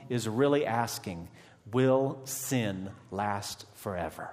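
A man preaching a sermon, swinging dramatically between hushed, quiet lines and impassioned, raised ones. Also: medium pitch, fairly even intonation, moderate pace, in a large hall.

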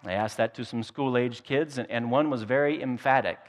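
A man preaching a sermon at an ordinary middle pitch, telling stories with gentle humor and repeating words as he builds his points. His voice rings out with a long hall reverb, as if recorded in a church sanctuary. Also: brisk. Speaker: pastor.

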